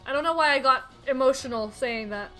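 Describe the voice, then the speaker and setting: A young woman streaming a game, reacting with excitable, squealing exclamations and reading the dialogue aloud. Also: high voice, brisk, faint music behind, rough recording.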